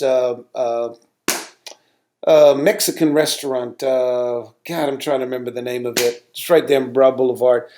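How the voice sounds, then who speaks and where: A middle-aged man, a pastor, telling a story from his ministry in an animated way, repeating words and rising sharply when he recalls his anger. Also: medium pitch, a little hiss or hum. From United States. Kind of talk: storytelling sermon talk.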